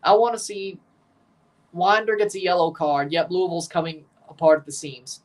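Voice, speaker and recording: A man hosting a livestream watchalong, giving excitable play-by-play of a soccer match between chatty replies to his viewers. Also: high voice, normal speed, distant mic. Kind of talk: casual watchalong commentary.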